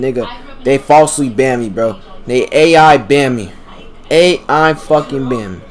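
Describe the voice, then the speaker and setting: A man's voice: medium pitch, moderate pace. A man livestreaming in casual chatter to his chat, chanting one word over and over in a rhythmic loop between remarks.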